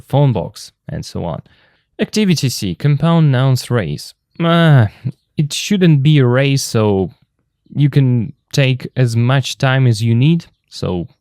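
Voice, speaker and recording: A man explaining English vocabulary in a textbook lesson, patient and clear, and he slows down to repeat each example. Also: medium pitch, a little mellow, dry recording, studio quality. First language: Russian. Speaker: English teacher.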